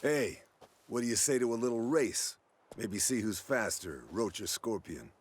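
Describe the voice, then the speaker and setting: A man's voice: fairly low pitch, animated, a little slow, breathy edge. An actor playing a good-humored, middle-aged male monster hunter who ribs his friend with playful banter in game dialogue. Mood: teasing.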